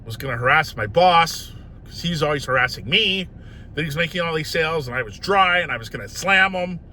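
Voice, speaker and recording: A man's voice: a little high, expressive, a little fast, sharp tone, a little hiss or hum. A man vlogging in a casual, self-mocking storytelling way, often tagging his lines with "right?".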